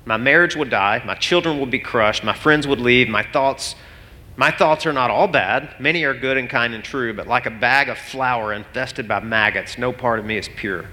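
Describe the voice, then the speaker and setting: A man gives a sermon as pastor, in a bright, forceful voice at a middling pitch. His earnest storytelling carries a long reverb from a large hall. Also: moderate pace. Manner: earnest storytelling, turns emotional and laughs it off.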